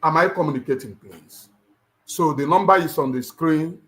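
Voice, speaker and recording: Speaking at a moderate pace in a slightly high, fairly bright voice, a middle-aged Nigerian man hosts a livestream. He delivers an impassioned, emphatic address in his Nigerian accent, echoing his lines the way a preacher would to give them weight.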